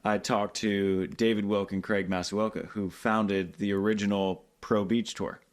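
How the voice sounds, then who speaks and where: A man hosting a podcast, chatting in a relaxed, conversational way and sharing his own stories. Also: lowish voice, unhurried. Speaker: podcast host, reporter. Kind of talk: casual conversation.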